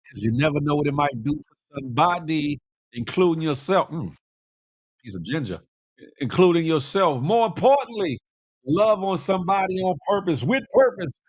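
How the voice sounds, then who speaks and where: A slightly high-pitched middle-aged man runs a morning livestream, going through viewer comments out loud with casual slang and plenty of laughter. The audio is clean studio sound with no echo.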